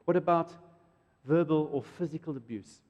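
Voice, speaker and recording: A middle-aged man preaches a sermon, his fairly high voice leaping into loud emphatic peaks. The sound rings with the long reverb of a church hall. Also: normal speed, muffled recording. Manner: animated, jumps to loud high emphasis and acts out quotes. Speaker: pastor.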